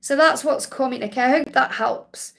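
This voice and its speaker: A woman's voice: high-pitched, normal speed, gravelly, a bit bright. A woman hosting a live-stream Q&A as a spiritual card reader, relaying messages in a soothing, reassuring way and often repeating key phrases.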